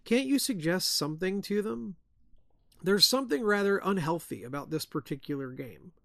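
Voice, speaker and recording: Man reading as an anxious, talkative lady in a spooky tale, lightly higher voice, dry sound. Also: lively intonation, moderate pace, creaky, a bit bright, dry recording, heavily acted. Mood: chatty uneasy. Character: kindly woman, a nervous chaperone. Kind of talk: reading a ghost story aloud.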